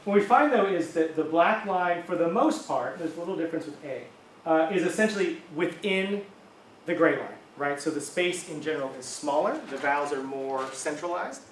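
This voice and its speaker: A middle-aged university linguistics lecturer with a somewhat high voice gives a relaxed academic talk at normal speed, casual and conversational, full of "um" and "right?". He checks in with the audience and pauses to rephrase. The mic sits across an echoey room, catching faint room noise.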